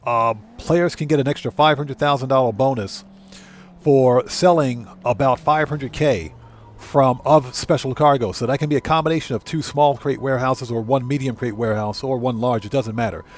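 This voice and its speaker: Male game streamer, relaxed rambling live commentary, mid-pitched. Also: normal speed, a little hiss or hum. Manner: rambling, easygoing, many fillers and self-corrections. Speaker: GTA streamer and content creator. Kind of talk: live gameplay commentary, reading chat.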